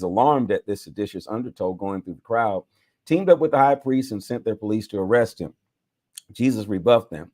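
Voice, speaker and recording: A man's voice: on the low side, a little mellow, dry recording, studio quality. A man, a bishop, reading scripture aloud with dramatic emphasis, now and then correcting himself and adding his own remarks. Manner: dramatic reading with self-corrections and side comments.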